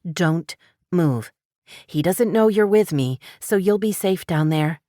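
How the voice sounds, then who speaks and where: A woman's voice: lowish voice, expressive, slow, dry recording, clean studio sound. A woman playing a tense, determined heroine. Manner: tense, forceful. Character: determined woman protecting her dog and a boy.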